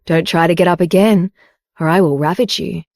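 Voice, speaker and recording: A woman's voice: lowish voice, steady tone, a little fast, gravelly, darkish tone, no echo, clean studio sound. A woman voicing a doting, teasing husband. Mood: soothing. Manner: soothing, playful.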